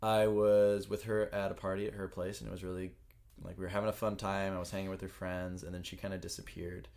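A man's voice: deep voice, little pitch movement, fast talker, darkish tone. A man co-hosting a casual podcast, joking and laughing often as he tells a rambling personal story. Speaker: podcast co-host. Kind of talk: casual chat. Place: New York.

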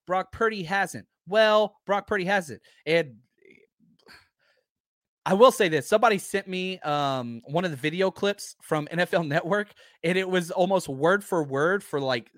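A man's voice: on the high side, fairly bright tone, dry recording, clean studio sound. A man hosting a live sports talk stream, ranting casually and animatedly, swearing and interrupting himself. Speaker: sports talk show host.

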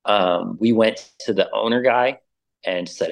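Animated low-voiced man telling a story. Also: a little slow, gravelly. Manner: animated storyteller, acts out quoted voices, says "like" and "dude" a lot. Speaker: interview guest, musician. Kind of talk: casual storytelling.

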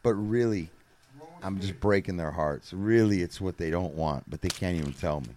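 A man's voice: sits low, moderate pace, darkish tone. A man talking as a guest in casual chat, blunt and laid-back, with salty language. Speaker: podcast guest.

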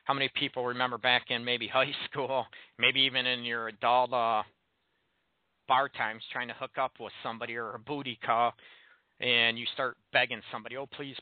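A man's voice: medium pitch, level tone, brisk, no room sound. Blunt male host, tinny phone-like sound. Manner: frank, blunt, poses rhetorical questions to listeners. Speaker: relationship advice show host. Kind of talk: call-in radio talk show monologue.

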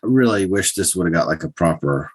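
A man's voice: sits low, expressive, quick pace, slightly rough. A man co-hosting a casual podcast chat, speaking in an easygoing, hesitant way with many restarts. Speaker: podcast co-host.

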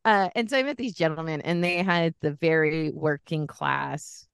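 Low gravelly woman from california, chatty animated storyteller, dry close mic. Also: moderate pace, no echo. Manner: chatty, animated anecdotes with laughter. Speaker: podcast co-host. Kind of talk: casual chat, storytelling.

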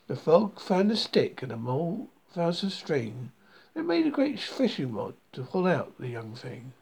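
A storyteller reading a rhyming children's book aloud in a slow, singsong way. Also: medium pitch, very animated, vocal fry, a little mellow, breathy edge.

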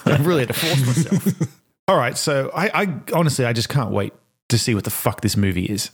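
A man's voice: mid-range voice, fairly quick, husky. Joking, sweary man in his forties. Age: 40s. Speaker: podcast co-host. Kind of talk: casual banter.

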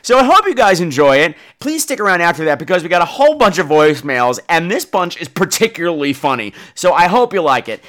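A man's voice: fairly high pitch, big pitch swings, fast, few pauses, a bit bright. A man hosting a podcast and telling a comic story in a campy, theatrical way while grieving. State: grieving, dazed. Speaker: podcast host.

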